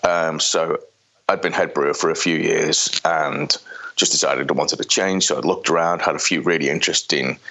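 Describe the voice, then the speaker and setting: Very deep-voiced Merseyside man. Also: steady tone, moderate pace, vocal fry, pushed and bright, low-quality recording. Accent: Merseyside English. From England. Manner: rambling, hesitant, many fillers. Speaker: podcast guest, former brewer. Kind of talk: casual interview chat.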